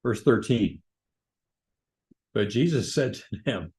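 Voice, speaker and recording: A man's voice: medium pitch, measured pace, darkish tone, low-quality recording. Male Bible study leader, informal, asks the class questions. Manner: informal, with fillers and restarts, asks the group questions. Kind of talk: conversational Bible study teaching.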